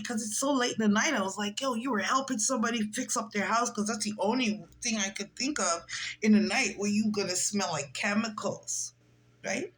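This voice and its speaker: Animated storytelling woman, higher voice. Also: normal speed, low-quality recording. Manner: animated, acts out quoted voices. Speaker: vlogger. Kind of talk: casual storytelling monologue.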